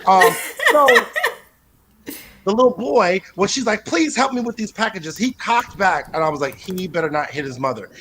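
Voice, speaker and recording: A man doing a stand-up routine over a video call, telling a crude story in an animated way, acting out voices and shouting punchlines. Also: sits high, moderate pace, a little hiss or hum. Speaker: stand-up comedian.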